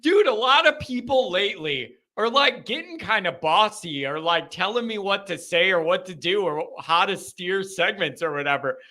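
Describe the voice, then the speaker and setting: A man hosts a live call-in sports show in a high, forceful voice. He talks bluntly and rants with heat. His tone is sharp and direct. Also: animated, moderate pace, few pauses. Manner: blunt, heated ranting. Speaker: show host.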